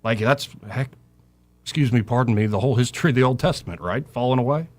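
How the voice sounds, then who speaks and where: A fast-talking middle-aged man with a medium-pitched voice preaches on talk radio. He is impassioned, quotes scripture, and lets his voice rise and fall.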